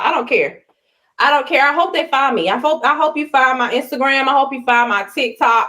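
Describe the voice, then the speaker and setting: A woman on a live stream in full combative rant mode, swearing and mocking without letting up. Her voice sits on the high side. She swings into loud bursts of scorn.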